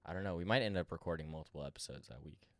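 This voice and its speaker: A man's voice: sits low, very fast, dry recording. A young man co-hosting a podcast in laid-back, joking casual chat. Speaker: podcast co-host.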